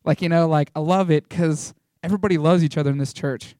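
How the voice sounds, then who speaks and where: A young man giving an informal, rambling testimony to a small church, excitable and full of fillers and restarts. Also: a little high, fast talker, no echo, clean studio sound. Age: young adult.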